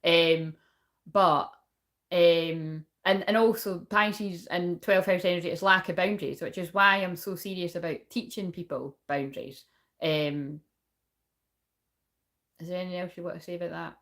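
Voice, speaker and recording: A woman's voice: fairly low pitch, fairly even intonation, normal speed, fairly bright tone. A young woman giving a casual spiritual reading, rambling and swearing often. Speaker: spiritual reader and shaman.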